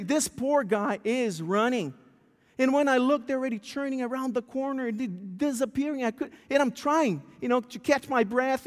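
High-voiced preacher in a reverberant hall. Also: male voice. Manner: animated storyteller, stammering restarts. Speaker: pastor. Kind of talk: sermon with a storytelling opening. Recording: long church hall reverb.

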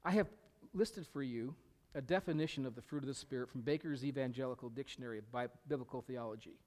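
A man's voice: medium pitch, quick pace, a little mellow. A middle-aged male pastor preaching a sermon, emphatic, repeating key phrases and sometimes dropping to a whisper. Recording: long reverb of a hall.

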